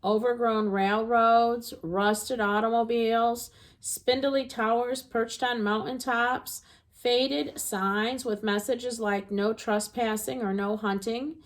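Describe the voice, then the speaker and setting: Lady reading a kids book out loud, bit high, gentle and expressive. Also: slow. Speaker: narrator. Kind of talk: storybook read-aloud.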